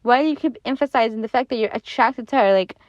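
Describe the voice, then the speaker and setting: A woman giving casual commentary on an online story, animated and exasperated, with lots of fillers and restarts. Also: on the high side, fast, dry recording, lo-fi sound.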